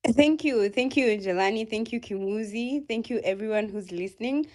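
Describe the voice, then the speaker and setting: A woman's voice: on the high side, moderate pace, a little mellow. A woman with a Kenyan accent giving a furious, profane protest speech in an online audio space, rallying listeners.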